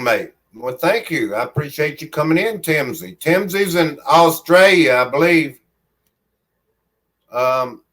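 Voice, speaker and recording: This livestream host has a somewhat high, slightly bright male voice and a Southern country accent. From home, phone in hand, he reads viewer comments aloud in a loose, friendly ramble, referring to himself by his nickname in the third person.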